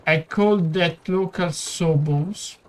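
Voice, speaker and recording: An Italian-accented man voicing a weary, gentle male priest, reading the lines aloud with stumbles. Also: fairly high pitch. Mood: kind. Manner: reads the text aloud haltingly, with stumbles.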